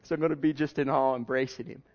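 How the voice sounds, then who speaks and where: A male pastor preaching a sermon in a conversational way, repeating himself and jumping from hushed asides to loud bursts. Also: mid-range voice, steady tone, fast talker. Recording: dull lo-fi sermon recording.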